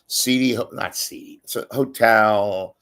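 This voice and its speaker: A low-voiced man hosts a live stream, chatting in a loose, rambling way. He swears freely, cracks jokes and greets viewers by name as he goes. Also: fairly even intonation, a little slow, a bit bright, clear, resonant tone. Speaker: livestream host. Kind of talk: casual rambling monologue to a live chat.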